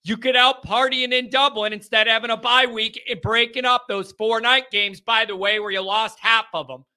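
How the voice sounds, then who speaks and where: Man, sports podcast host, high and very bright voice, emphatic and sarcastic commentary. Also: steady tone, moderate pace.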